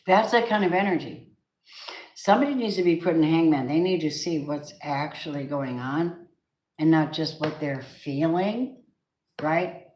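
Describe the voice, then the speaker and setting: Low-voiced woman giving a chatty tarot reading. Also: normal speed, a little mellow. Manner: chatty, emphatic, sings snatches of songs. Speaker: tarot reader. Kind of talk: casual tarot reading monologue. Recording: echoey room with faint noise.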